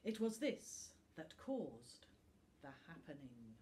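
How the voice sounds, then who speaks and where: A woman, a school teacher, reading a bedtime story aloud in a calm, gentle manner with dramatic pauses. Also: low-pitched, a little hiss or hum.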